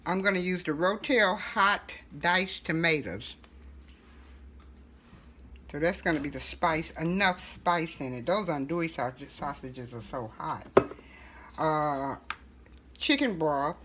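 A woman's voice: sits low, takes it slowly, long pauses, slight background noise. Chatty woman cooking at home. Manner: relaxed, chatty, with frequent fillers and self-corrections. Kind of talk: casual cooking tutorial. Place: home kitchen.

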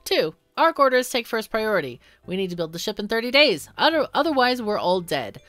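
A woman reading game dialogue as a gruff factory overseer who barks orders and insults the new worker. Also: fairly high pitch, big pitch swings, brisk, fairly bright tone, no room sound, soft background music, voice pushed up.

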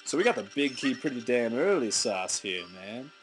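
Brief: young male let's-play host, goofy and rambling, lively swooping pitch, game music under the voice. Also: moderate pace. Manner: goofy, rambling, self-mocking. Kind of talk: gameplay commentary. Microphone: desk mic at a computer.

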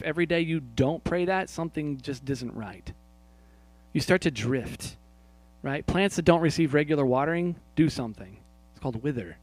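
A pastor preaches a sermon to his congregation, his voice on the high side and recorded with no echo. He poses questions, calls out people by name, and moves between hushed, quiet prayer lines and loud, emphatic points.

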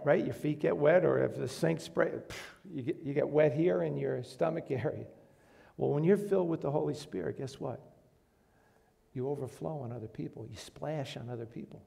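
A pastor preaches earnestly to his congregation in a church, asking the room questions and rising to emphatic bursts. His voice is a little high, creaky, and dark in tone, at a moderate pace.

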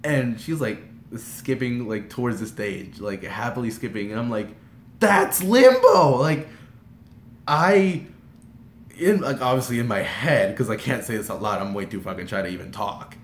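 A young man casually telling a rambling story, full of fillers, his voice jumping high when he gets excited. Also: a little fast, hardly any pauses. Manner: rambling, filler-heavy retelling that surges into high excited shouts. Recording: roomy echo, faint background noise.

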